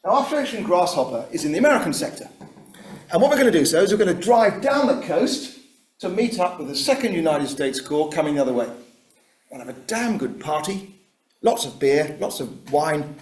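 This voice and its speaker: A man with a fairly high voice tells a war history in an animated, swooping way, playing each general in turn. He sounds a little echoey, as if recorded in a lecture room over a video call. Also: moderate pace. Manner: animated storyteller voicing generals in dialogue. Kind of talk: lively history talk acting out historical dialogue.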